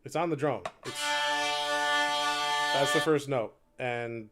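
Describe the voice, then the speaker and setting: A man with a mid-range voice talks slowly over loud music during a live stream of his instrument practice, with a faint hurdy-gurdy drone in the background. He chats and rambles to viewers, laughing self-deprecatingly and counting beats aloud while playing.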